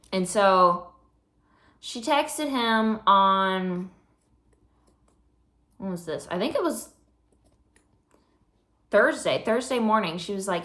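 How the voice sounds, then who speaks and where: A teenage girl vlogs casually in her room, telling a story full of fillers while working on something, slightly out of breath. Her mid-range voice is animated and fairly bright, slow with frequent pauses, and the room sounds echoey.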